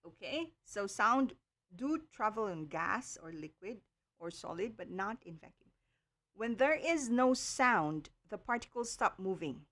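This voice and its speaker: Slow, careful woman tutor. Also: medium pitch, animated, a bit bright. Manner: slow, careful explaining with frequent okays and ums. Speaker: online tutor. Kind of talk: livestream lesson.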